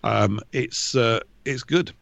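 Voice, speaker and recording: A man talking as a regular guest on a radio show in a casual, fast, rambling way, calling in over a remote line. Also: medium pitch, gravelly, no room sound. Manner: fast, rambling, animated talker. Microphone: remote call line.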